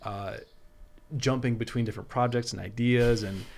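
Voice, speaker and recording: A man with a gravelly, creaky voice chats loosely on a podcast. He rambles through his story, full of fillers and quick laughs. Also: mid-range voice, fairly even intonation, a little mellow, a little hiss or hum. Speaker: guest artist. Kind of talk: casual podcast chat.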